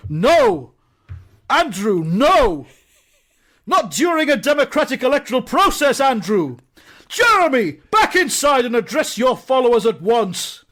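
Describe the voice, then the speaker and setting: A man's voice: high voice, moderate pace, pitched above the performer's own voice, lightly acted. A man voicing a bossy male alderman who shrieks orders in a comic podcast story. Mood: outraged. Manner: shrieking, then silky and seductive. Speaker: comedy podcast co-host.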